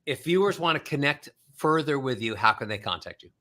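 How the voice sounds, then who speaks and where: A man hosting an interview, enthusiastic and full of praise, pitching a book to viewers. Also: lively intonation, fairly quick, pushed and bright. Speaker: host.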